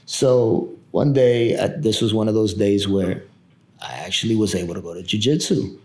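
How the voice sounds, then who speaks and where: A man's voice: lowish voice, moderate pace. A man in his thirties, a barber guest on a podcast, telling a story in casual chat and acting out the people he quotes. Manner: animated storyteller who acts out the people he quotes.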